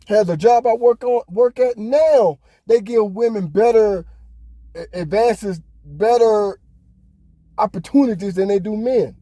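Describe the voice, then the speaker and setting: A man's voice: sits high, slow pace, long pauses, warm tone, no echo. A man hosting a podcast, ranting heatedly in casual talk, swearing often. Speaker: podcast host. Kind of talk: casual opinion monologue.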